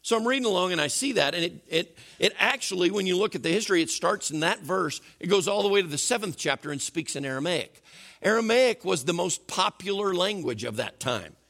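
Animated, gravelly-voiced male pastor. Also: high-pitched, a little fast. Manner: animated, conversational preaching. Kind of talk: sermon.

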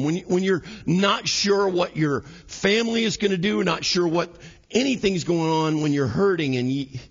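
A man's voice: fairly high pitch, husky, muffled recording. A man in his thirties preaching a sermon in a church, acting out everyday scenes in quoted voices. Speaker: pastor. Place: church sanctuary.

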